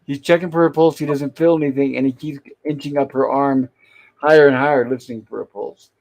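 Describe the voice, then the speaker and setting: A man's voice: medium pitch, steady tone, a little fast, a little mellow. A man hosting a show, casually retelling an old TV episode scene by scene. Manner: acts out quoted lines while recapping, chatty. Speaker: host.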